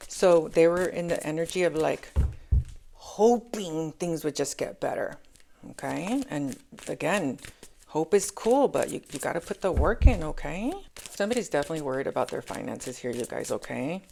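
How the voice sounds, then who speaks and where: A woman's voice: deep voice, lively intonation, normal speed, vocal fry, darkish tone, slight background noise. A woman doing a casual, chatty tarot reading, often checking in with "okay?" and calling her listeners angels. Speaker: tarot reader.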